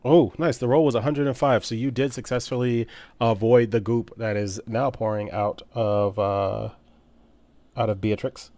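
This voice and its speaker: A man narrating as game master of a streamed tabletop game, relaxed with many fillers. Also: medium pitch, moderate pace.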